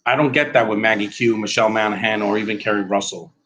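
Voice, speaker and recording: A man's voice: lowish voice, steady tone, fast talker, fairly bright tone, muffled recording. A man giving a rambling, blunt, opinionated live commentary while watching a movie at home.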